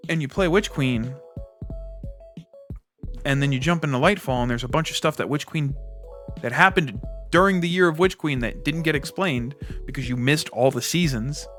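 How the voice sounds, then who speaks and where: Casting: ranting male gaming YouTuber, somewhat high voice, faint music underneath. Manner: ranting, animated, with quick mock dialogue. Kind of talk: casual gaming commentary.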